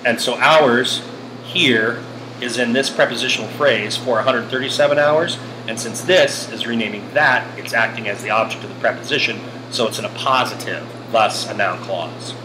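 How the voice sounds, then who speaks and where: Animated joking male English teacher. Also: medium pitch, normal speed. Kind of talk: recorded grammar lesson over slides. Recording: air conditioning hum behind.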